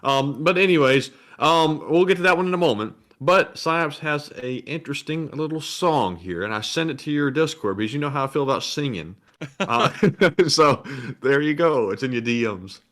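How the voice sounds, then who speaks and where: A man's voice: fairly high pitch, expressive, normal speed, a bit bright. A man co-hosting a casual livestream, reading out donation messages with light chuckles.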